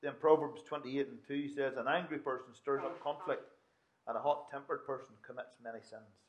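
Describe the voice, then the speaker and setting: A man's voice: medium pitch, fairly even intonation, moderate pace. A man preaching a sermon in a conversational way, with asides and restarts.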